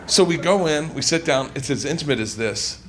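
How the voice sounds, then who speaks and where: A man doing a stand-up comedy set on stage, loud and excitable, swearing freely and laughing through his lines. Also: fairly high pitch, fairly quick, a little hiss or hum. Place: comedy stage before an audience.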